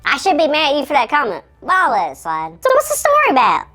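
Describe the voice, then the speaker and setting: A frantic little shrunken host squeaks in a chipmunk voice. The voice sits extremely high and leaps all over the place. Its tone is bright and piercing. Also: female voice, wildly swooping pitch, fast talker, exaggerated voice. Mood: curious. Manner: frantic and exclamatory.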